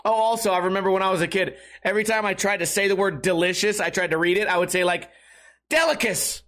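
A man's voice: high-pitched, fairly even intonation, fast talker, a bit bright. A man hosting a podcast, talking casually with sarcasm and lots of swearing, often slipping into mocking voices. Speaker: podcast host. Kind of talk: casual comedic podcast monologue.

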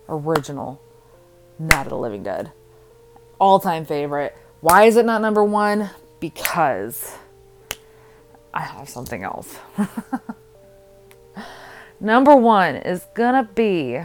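Slow, rambling young woman podcaster. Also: low voice. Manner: rambling, giggly and self-deprecating. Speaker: podcast host. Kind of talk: casual solo podcast chat. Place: home.

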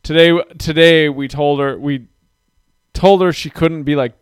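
A man in his thirties co-hosting a podcast, telling a long, profane story about his kids. His voice sits a little high and comes across smooth and clean, recorded close and dry with no room sound. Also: fairly even intonation, unhurried, no room sound. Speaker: podcast co-host; father of young kids. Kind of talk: casual chat.

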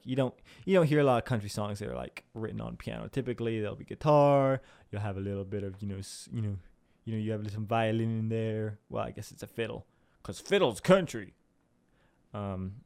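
This young man hosts a podcast from Southern Illinois, his medium-pitched voice clear and resonant. He rambles casually in a self-deprecating monologue, heavy on swearing and fillers.

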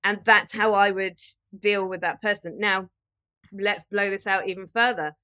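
A woman's voice: mid-range voice, steady tone, a little slow. Earnest woman giving advice. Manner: earnest, direct, gently emphatic. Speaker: podcast host. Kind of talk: motivational advice talk.

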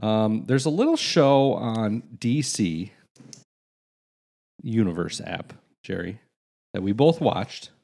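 A man's voice: lowish voice, animated, slow, creaky, long pauses, warm tone. A man around forty co-hosting a casual chat, rambling along and reading facts aloud. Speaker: podcast co-host.

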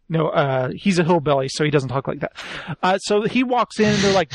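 High-voiced man telling a funny story. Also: a little fast, no echo. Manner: animated storyteller, acts out quotes in put-on voices. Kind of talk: casual comedic chat recapping a TV show.

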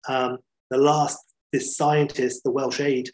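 Man, podcast host, chatty and enthusiastic, mid-pitched, casual storytelling. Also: flat delivery, slow pace, rough recording. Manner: enthusiastic, chatty, with many fillers.

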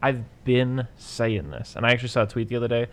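A man's voice: medium pitch, fairly even intonation, fast talker, fairly bright tone. A man co-hosting a podcast in casual chat, laid-back, swearing freely and acting out lines he quotes. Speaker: podcast co-host.

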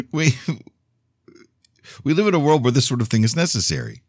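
A man's voice: medium pitch, huge pitch swings, unhurried, no room sound, clean studio sound. A man hosting a radio talk show, musing in a rambling, blunt, opinionated monologue full of restarts and asides. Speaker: radio host. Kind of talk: casual monologue.

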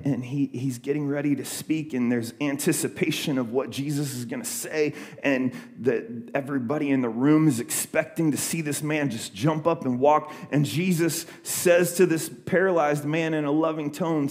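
A man's voice: on the high side, fairly even intonation, moderate pace, few pauses, darkish tone. A young adult man preaching a sermon, retelling a scripture story in a loose conversational way with many fillers and restarts. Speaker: pastor.

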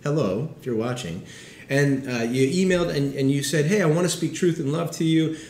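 A man in his thirties preaching a sermon as a pastor, in an animated, conversational way. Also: fairly high pitch, fairly quick, reverberant, slight background noise. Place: city setting with background street noise.

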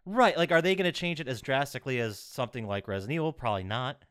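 A man hosting a casual podcast chat, leading the segments and reading out trivia in an animated way. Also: medium pitch, quick pace, clean tone, no echo, clean studio sound. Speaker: podcast host.

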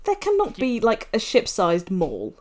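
A woman's voice: on the high side, huge pitch swings, measured pace, darkish tone. A woman with an English accent, co-hosting a casual podcast chat, laughing often and firing off questions. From England. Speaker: podcast co-host.

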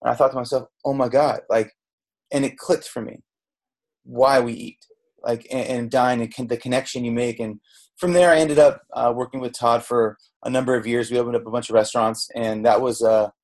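A man's voice: mid-range voice, steady tone, a little fast. A middle-aged man from Southern California, a chef and podcast guest, telling his story candidly in a rambling way, with restarts and quoted dialogue. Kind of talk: candid storytelling in a casual interview. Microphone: podcast microphone.

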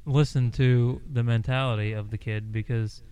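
A man's voice: medium pitch, fairly even intonation, moderate pace, mellow, clean tone. A man co-hosting a podcast on a porch, making blunt, critical remarks in casual chat. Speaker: podcast co-host.

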